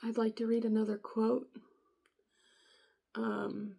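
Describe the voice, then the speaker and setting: A woman's voice: on the low side, fairly even intonation, normal speed, creaky. A young woman vlogging casually about spiritual guidance, reading quotes aloud and talking bluntly, with some profanity. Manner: blunt and profane, swings from soft reading to frustrated outbursts.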